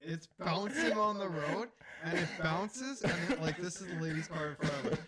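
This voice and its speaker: A young man co-hosting a podcast spins an animated, profanity-laced story, laughing along as he goes. His voice sits a bit high for a man. Loud crowd noise fills the background. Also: moderate pace. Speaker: podcast co-host. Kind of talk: casual storytelling chat.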